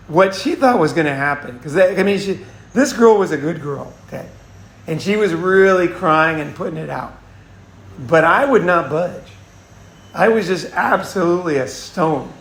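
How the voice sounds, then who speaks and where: A man's voice: fairly high pitch, lively intonation, unhurried, fairly bright tone, roomy sound. A man hosting a casual advice monologue, blunt and profane, often restarting and repeating himself. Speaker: host.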